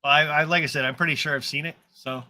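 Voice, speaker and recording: A man's voice: on the high side, fairly even intonation, fast, bright, forceful tone. A man hosting a casual live stream, chatting in an upbeat, rambling way.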